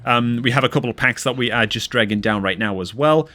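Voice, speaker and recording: A man casting a replay of a strategy video game, excitable and quick to exclaim, often calling his listeners dude and man. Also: mid-range voice. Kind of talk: excitable gameplay commentary.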